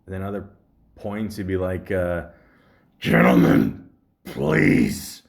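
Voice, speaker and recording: A man's voice: low-pitched, little pitch movement, moderate pace, darkish tone. A man hosting a podcast, telling a story in a rambling, profane way, full of fillers. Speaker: podcast host.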